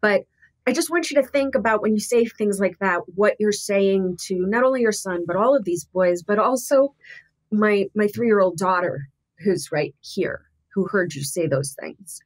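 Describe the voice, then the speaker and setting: A middle-aged woman, a podcast guest, talking candidly and thoughtfully with frequent restarts. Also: mid-range voice. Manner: earnest, thoughtful, halting with restarts.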